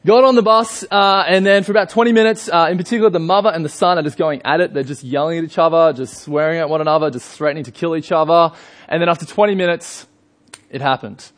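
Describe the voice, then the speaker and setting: A man's voice: fairly high pitch, fast. Young Australian man preaching, chatty. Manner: chatty storytelling with frequent fillers. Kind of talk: sermon.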